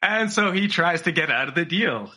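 On a podcast, a man tells an animated, swear-filled story at a moderate pace, mocking the people he quotes with put-on voices. His voice is husky yet bright, and his pitch swings widely as he gets worked up.

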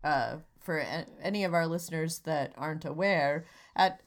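A woman co-hosting a comedy podcast in casual chat, dry and halting, full of restarts. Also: deep voice. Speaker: podcast co-host.

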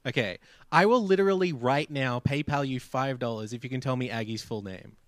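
A man co-hosting a podcast, chatting casually in a jokey, animated way and laughing often. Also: mid-range voice, a little fast, dry recording. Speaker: podcast co-host. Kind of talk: casual chat.

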